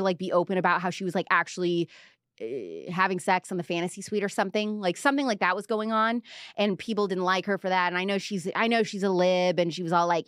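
A woman's voice: fairly low pitch, no room sound. Woman host of a live pop culture show, chatty and sarcastic, dry close sound. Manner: chatty, sarcastic, many fillers and restarts. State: out of breath.

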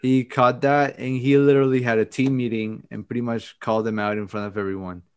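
A male podcast host with a middle-pitched voice chats loosely with friends. He swears freely and laughs often, keeping the talk easygoing. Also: flat delivery, brisk, clean tone. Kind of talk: casual chat.

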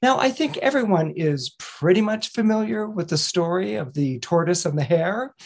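A male astrologer and weekly horoscope columnist, telling a fable in a chatty, animated way and chuckling as he goes. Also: high-pitched, normal speed. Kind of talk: casual storytelling talk.

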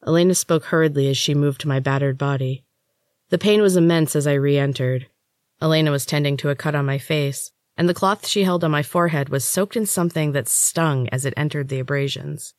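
A woman's voice: low-pitched, no echo, studio quality. Woman reading her own novel aloud. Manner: steady, measured storytelling. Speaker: author and podcast host. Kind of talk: first-person audiobook narration.

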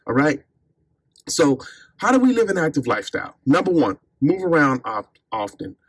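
Upbeat husky man hosting a podcast. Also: a little high, sing-song, normal speed, no echo. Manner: upbeat, chatty, addresses listeners as y'all. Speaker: podcast host and fitness coach. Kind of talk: casual podcast monologue.

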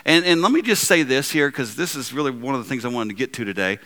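A man preaching a sermon as pastor, animated, with frequent repeats and restarts, swinging between loud emphatic lines and low, soft ones. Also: quick pace.

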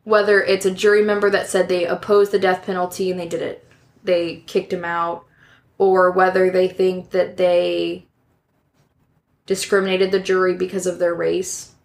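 A woman's voice: fairly low pitch, completely flat delivery, moderate pace, gravelly. A woman hosting a true crime podcast, reading a case from notes in a casual way with asides and self-corrections.

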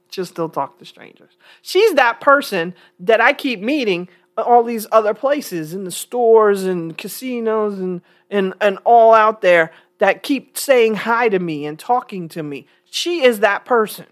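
A woman's voice: mid-range voice, lively intonation, unhurried. A woman from New York talking casually to her viewers, blunt and emphatic, with frequent chuckles. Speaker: vlogger. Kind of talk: casual talk to camera.

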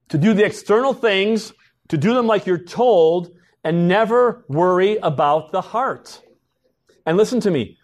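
Male pastor, middle-aged, slightly high voice, chatty sermon delivery that slips into quoted voices. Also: darkish tone. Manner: conversational preaching, acting out quotes of parents and kids.

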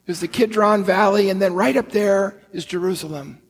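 Man, high voice, husky, earnest sermon, slow emphatic storytelling, echoing church hall. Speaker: priest.

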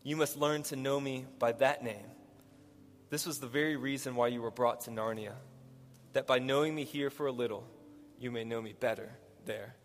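A man reading aloud as a gentle, wise lion king who speaks calmly, in a reverberant hall. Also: medium pitch, moderate pace, natural voice. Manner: gentle, calm.

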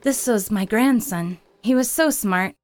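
A woman voicing a sorrowful older village grandmother who speaks slowly and tearfully. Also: a little high, a little mellow, a little hiss or hum, close to an everyday voice. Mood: grieving. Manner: slow, tearful, pleading speech.

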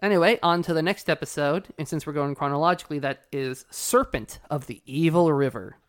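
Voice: mid-range voice, brisk. A podcast co-host chatting casually and swearing while recapping a cartoon episode. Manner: chatty, casual, profane, lively storytelling.

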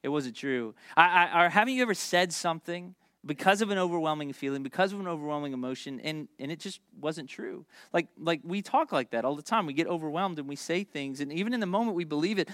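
A man in his thirties preaching a sermon, animated and jokey, telling stories with quick asides. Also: a little high, dry recording, studio quality. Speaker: pastor.

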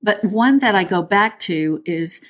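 Animated yet a little slow, her mid-range voice carries a chatty, playful podcast conversation. The co-host also reads scripture aloud and frequently starts over mid-thought.

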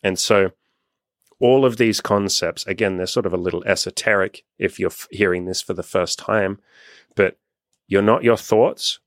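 Low-voiced guy coach, swears a lot, does little voices for quotes, dry close mic. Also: moderate pace, no room sound. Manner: profane, animated, acts out quoted voices. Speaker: dating coach and host. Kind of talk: casual podcast conversation.

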